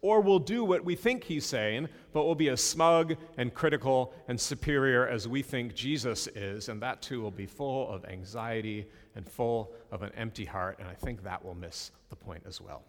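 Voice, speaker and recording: A man's voice: mid-range voice, moderate pace, few pauses, in a large hall. A male pastor giving a sermon in a conversational way, with self-deprecating asides.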